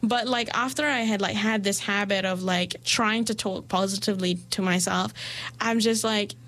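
A woman's voice: mid-range voice, fairly even intonation, normal speed, a bit bright. A young woman in casual conversation, talking freely and filling her speech with "like" and small laughs. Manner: chatty, heavy use of "like", laughs easily. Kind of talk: casual chat.

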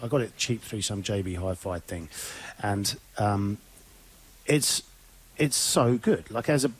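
Male co-host born in England, husky and animated, rambling and playful. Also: lowish voice, unhurried, low-quality recording. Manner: rambling, playful, does silly voices. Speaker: radio show co-host. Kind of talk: casual chat.

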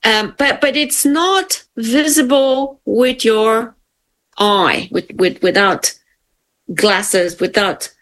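Woman, chatty, playful, casual science podcast co-host, quick remarks. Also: fairly high pitch, a bit bright.

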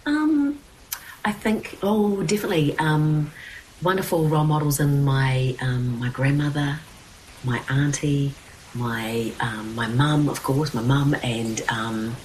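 Taking it slowly in a very deep, slightly mellow voice, this middle-aged New Zealand woman appears as an interview guest; she's a children's TV presenter and producer. She talks earnestly, full of fillers and restarts. Audio quality is poor, and there's slight background noise.

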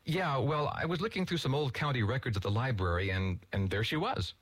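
A man voicing a hesitant, halting teenage boy in a read-aloud story. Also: mid-range voice, lively intonation, a bit bright, slightly rough, no room sound, voice pushed up.

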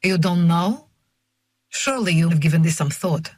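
A woman's voice: lowish voice, animated, moderate pace, a little mellow, dry recording, clean studio sound. A woman voicing a terse, guarded drifter man. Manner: sing-song English, blunt and formal. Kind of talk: audiobook reading.

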